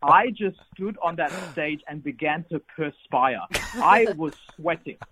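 A man in his thirties, a pastor telling a personal story as a radio guest over the phone, lively with repeated emphasis. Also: on the high side, a little slow, background noise. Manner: lively, repetitive emphasis, builds to exhortation. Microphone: phone call. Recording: tinny phone line, husky.

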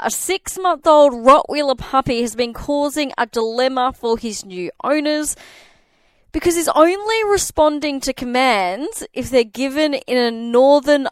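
A woman's voice: a little high, clean tone, no room sound. A woman radio host telling a light news story in a chatty, casual way. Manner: chatty, quick storytelling with laughs.

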